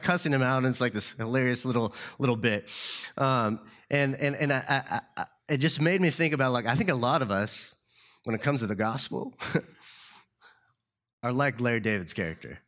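A man preaching a sermon as pastor, earnest and slowing down to stress key words. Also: mid-range voice, a bit bright. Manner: earnest, slows down for emphasis.

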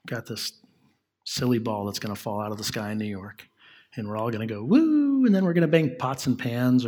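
A man preaching a sermon as pastor in a conversational way, often dropping to a soft hush on key lines. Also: medium pitch.

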